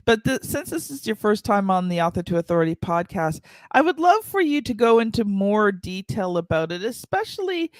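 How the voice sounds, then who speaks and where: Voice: mid-range voice, sing-song, normal speed, few pauses, no echo. A podcast host reading a guest's introduction and then chatting casually with him.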